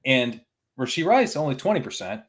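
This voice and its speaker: A man's voice: medium pitch, big pitch swings, moderate pace. A man on a casual fantasy football podcast, a chatty storyteller who quotes himself and laughs easily.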